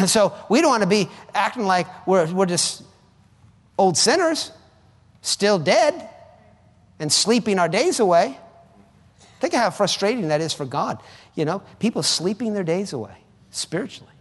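A man's voice: sits high, big pitch swings, measured pace, long pauses, in a large hall. A man preaching a sermon in an emphatic, conversational way, often repeating his phrases for effect.

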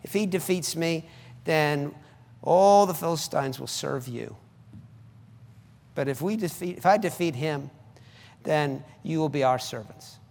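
A man's voice: fairly high pitch, measured pace, gravelly, pauses often, a little mellow, pitched below the performer's own voice. A giant warrior, played by a preacher, taunts his foes in a dropped, menacing murmur. The voice sits well below the speaker's usual register. The sound carries the long reverb of a big hall. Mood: taunting. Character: mocking giant male warrior challenger.

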